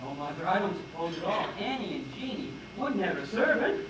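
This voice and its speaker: A man playing a pompous, huffy young gentleman. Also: high voice, very animated, a little fast, noisy background. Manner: huffy, self-important. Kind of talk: amateur stage acting. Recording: distant stage voice in echoey hall.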